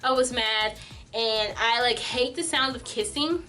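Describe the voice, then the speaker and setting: A young adult woman vlogger telling a storytime tale in an animated, filler-heavy way. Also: a little high, a little slow, distant mic, soft background music. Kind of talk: storytime vlog.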